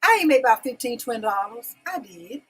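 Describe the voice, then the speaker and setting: A woman with a high, expressive, fairly bright and slightly rough voice talks briskly on her own live-stream talk show, heard through a rough recording. In a folksy manner she calls viewers y'all and babies, chatting casually and coaxing them to answer in the comments by repeating her questions.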